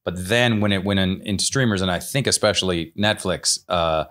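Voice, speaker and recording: A man's voice: low-pitched, a little fast, fairly bright tone. Dry, sarcastic middle-aged man. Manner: dry, sarcastic, trailing off with fillers. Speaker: guest. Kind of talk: casual podcast chat.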